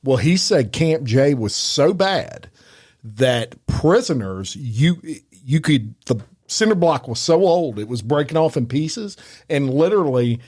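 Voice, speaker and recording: A man's voice: mid-range voice, big pitch swings, measured pace, a little mellow, slightly rough. A man hosting a podcast in casual chat, retelling a story emphatically and swearing casually. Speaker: podcast host.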